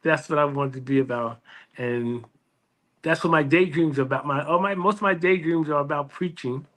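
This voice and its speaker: A man's voice: fairly high pitch, moderate pace. A man, a librarian telling his life story as an interview guest, with frequent restarts and acted-out quotes. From New York City. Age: 60s. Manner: lively storyteller who restarts phrases and acts out quoted voices.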